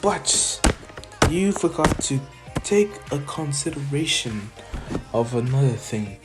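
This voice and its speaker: A man voicing a calm, confident teenage boy hero in a told-aloud fan story. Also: mid-range voice, slow, music in the background. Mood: cool confident.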